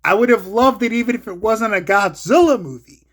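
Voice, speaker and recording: A man running his own show rants casually about movies at a slightly quick pace. He swears a lot, shifting between low mutters and loud, excited outbursts.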